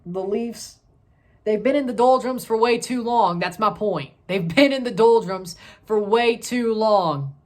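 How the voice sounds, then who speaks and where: Woman in her 30s doing a sports recap vlog, kinda high voice, rambles and corrects herself a lot. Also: measured pace. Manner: excitable, rambling, talks to herself. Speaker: sports channel host. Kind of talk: casual sports review vlog.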